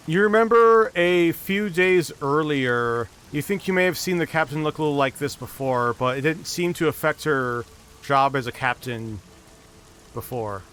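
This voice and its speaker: A man narrating as dungeon master of a tabletop game, steady storytelling with small restarts. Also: a little high, normal speed, slight background noise.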